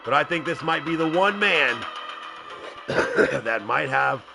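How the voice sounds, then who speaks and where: A man's voice: a little high, lively intonation, slow, vocal fry, over music. A man hosting a live wrestling video game show, commentating in a hyped, rambling way. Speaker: host.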